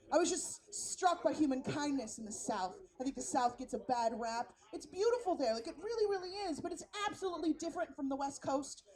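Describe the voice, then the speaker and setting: Brash, high-voiced woman comedian on stage. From San Francisco. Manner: brash, profane, animated storytelling. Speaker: stand-up comedian. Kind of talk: stand-up set. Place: outdoor festival stage.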